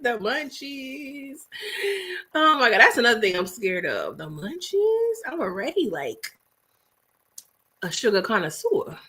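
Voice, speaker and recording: Bright-voiced New woman chatting live. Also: a little high, unhurried, pauses often, breathy edge. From New York City. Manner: chatty and animated, with frequent laughs and asides to the audience; snacking while talking. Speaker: livestream host reading viewer chat. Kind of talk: casual live-stream chat.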